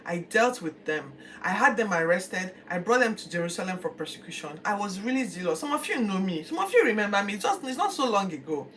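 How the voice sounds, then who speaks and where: A woman's voice: mid-range voice, very animated, brisk, few pauses, fairly bright tone. A woman retelling as an earnest pleading apostle. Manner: pleading, storytelling in first person. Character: apostle Paul, earnest pleading grown man. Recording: distant mic, faint background noise.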